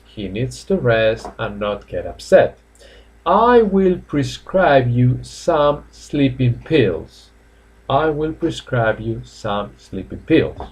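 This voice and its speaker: A man reading out the lines of a serious male doctor in a joke, slow and grave. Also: mid-range voice, big pitch swings, husky, full character voice.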